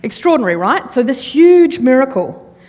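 A woman pastor preaching a sermon, telling stories in a lively way and acting out the voices of the people in them. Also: sits high, normal speed. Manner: animated storytelling, acting out quoted voices. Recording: long hall reverb.

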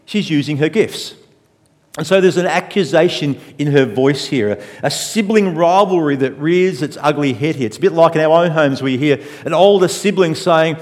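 A man preaching a sermon in a measured, reflective way, often using rhetorical questions. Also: fairly high pitch, lively intonation, in a large hall. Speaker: pastor.

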